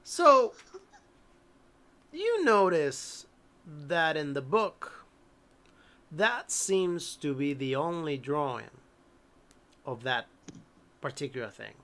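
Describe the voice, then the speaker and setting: A game master narrating a tabletop horror game at a relaxed, hesitant pace, often restarting sentences. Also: medium pitch, takes it slowly, pauses often.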